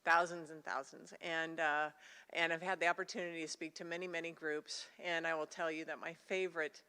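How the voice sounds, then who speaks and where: Older woman, low voice, earnest and emotional, addressing students from a stage in a reverberant auditorium. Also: level tone, brisk, pushed and bright, clean tone. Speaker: Secretary of State, competition judge. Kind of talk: speech to students at an awards ceremony. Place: college auditorium. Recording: hall reverb.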